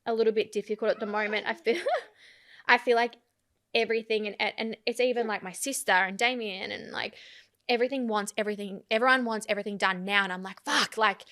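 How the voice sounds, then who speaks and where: A woman's voice: mid-range voice, a little fast, fairly bright tone. A young woman, chatting candidly on a podcast, rambling and swearing freely. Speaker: podcast host. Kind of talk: casual chat.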